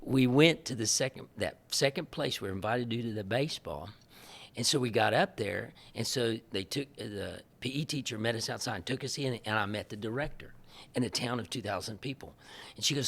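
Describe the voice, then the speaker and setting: A man, a missionary guest telling lively stories in an interview and acting out the dialogue, often laughing. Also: medium pitch, a little fast, creaky. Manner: animated, laughing storyteller who acts out quoted dialogue. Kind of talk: storytelling in a podcast interview.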